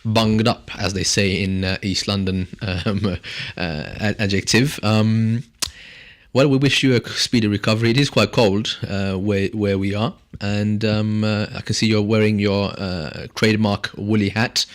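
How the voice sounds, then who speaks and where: A man with a slightly low voice hosts a casual radio talk show from the studio. He rambles along in a jokey way and laughs often. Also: flat delivery, unhurried.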